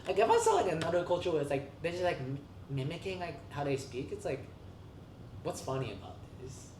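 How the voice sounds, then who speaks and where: A podcast co-host chatting casually, filling every pause with "like" and breaking into laughter. The voice jumps up and down in pitch. It was picked up from a bit away from the mic, so it sounds roomy, with faint ambient noise underneath. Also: recorded from a distance. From Vietnamese heritage. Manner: animated, many "like" fillers, laughs often. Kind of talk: casual chat.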